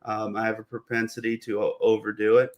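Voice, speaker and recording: A young man, a guest trader, calmly explaining stock charts in a casual, slangy way. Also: fairly low pitch, a little fast, muffled recording. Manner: relaxed, explains plainly with slang. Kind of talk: casual chart analysis on a livestream.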